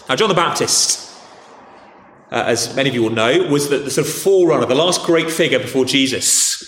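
A man's voice: mid-range voice, fairly quick, fairly bright tone, a little hiss or hum. A man with a posh English accent preaching a sermon in a conversational way, often restarting and saying "okay". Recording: echoey hall.

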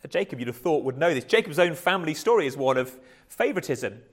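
A man's voice: on the high side, very animated, fast talker. A man preaching a conversational sermon, often restarting words and chuckling lightly.

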